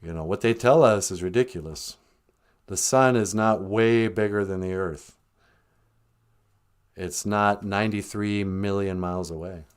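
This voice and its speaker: A man's voice: lowish voice, measured pace, clean tone. A man delivering a rambling, mock-serious comic rant, trailing off with chuckles. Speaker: comedic vlogger.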